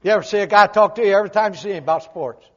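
An older man preaching a humorous, folksy sermon, swinging from loud emphatic lines to quiet low asides. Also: racing, highs cut off.

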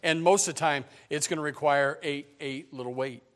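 A man's voice: fairly high pitch, moderate pace, a bit bright. A middle-aged male pastor preaching a sermon in a folksy manner, repeating words and joking with his congregation.

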